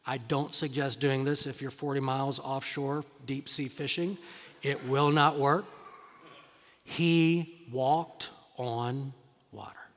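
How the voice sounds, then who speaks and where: A male pastor preaching a sermon in a dramatic, storytelling way, acting out voices and dropping to hushed tones. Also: medium pitch, little pitch movement, normal speed, in a large hall.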